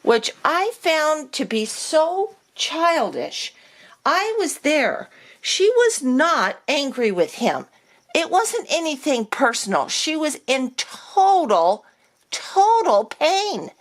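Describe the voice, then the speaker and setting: A middle-aged woman telling a personal story in a casual vlog, animated as she acts out the exchanges she is describing. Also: high-pitched, takes it slowly. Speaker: vlogger.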